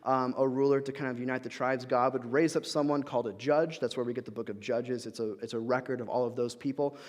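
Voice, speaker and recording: A man's voice: medium pitch, steady tone, fast talker, a little mellow. A young adult man giving a guest sermon in a church, talking casually with frequent fillers and restarts. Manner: conversational, many fillers and restarts. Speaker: guest speaker. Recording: reverberant church hall.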